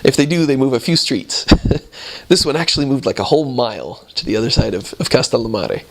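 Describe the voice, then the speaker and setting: A man's voice: mid-range voice, fast talker, gravelly. A man in his thirties, a returned missionary, telling stories from his mission and acting out the voices of the people in them. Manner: animated, acts out voices in his anecdotes. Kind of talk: storytelling talk.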